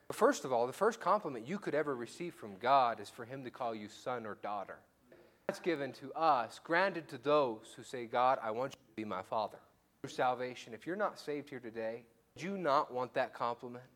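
A man's voice: a little high, fairly bright tone. A male pastor preaching a conversational, story-driven sermon to his church. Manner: conversational, storytelling with acted-out quotes.

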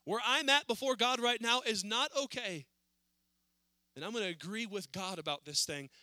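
A man preaching a sermon in a church service, earnest, rising to pleading and then dropping low. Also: moderate pace, pushed and bright, no echo.

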